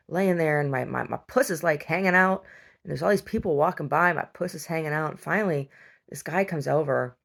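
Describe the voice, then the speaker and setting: A woman talks in a loose, chatty way, circling back and restarting her sentences as she tells a long story. Her voice sits low and carries a gravelly fry. She hosts and shares everyday stories with her listeners. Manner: chatty, heavy use of fillers and restarts. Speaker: podcast host. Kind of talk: casual rambling storytelling.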